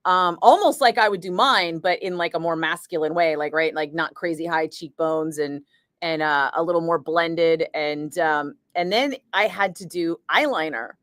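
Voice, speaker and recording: A middle-aged woman, a radio host, telling a story in a chatty, animated way and laughing often. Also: deep voice, normal speed, dry recording, clean studio sound. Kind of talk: casual storytelling chat.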